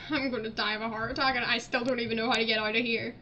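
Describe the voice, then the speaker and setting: A woman's voice: on the high side, lo-fi sound, background noise. A young woman giving casual gameplay commentary, flustered, laughing and easily panicked. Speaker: gaming channel host.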